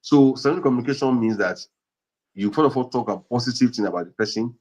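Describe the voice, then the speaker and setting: A man's voice: medium pitch, fast talker, a little mellow. A man with a Nigerian accent giving earnest marriage counseling advice, repeating points and acting out example dialogues.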